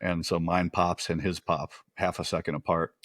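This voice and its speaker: Deep-voiced man telling profane war stories. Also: normal speed, no echo. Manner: profane, animated anecdote telling. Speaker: podcast guest, former Green Beret. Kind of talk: casual storytelling.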